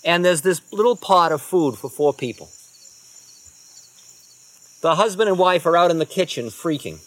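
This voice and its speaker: A man giving a storytelling talk as a spiritual teacher, relaxed and conversational, often dropping into quiet asides. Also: fairly high pitch, moderate pace.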